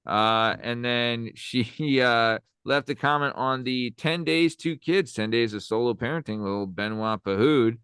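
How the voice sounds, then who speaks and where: A man's voice: medium pitch, unhurried, few pauses, fairly bright tone, clean tone, no room sound. Loose-talking, swearing man co-hosting a podcast. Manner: loose, swearing, reads listener comments aloud. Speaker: podcast co-host. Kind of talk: casual podcast chat.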